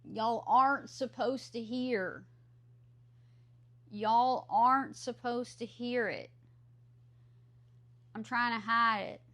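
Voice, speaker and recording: A woman's voice: a little high, slow pace, long pauses, a bit bright. A woman with a Southern US accent, chatting casually with her live stream viewers and answering their questions aloud.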